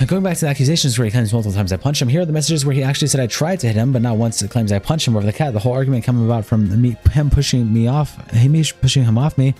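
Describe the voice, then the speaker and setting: A man streaming live, reading a long run of messages aloud in a rapid, flat delivery. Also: medium pitch, soft background music.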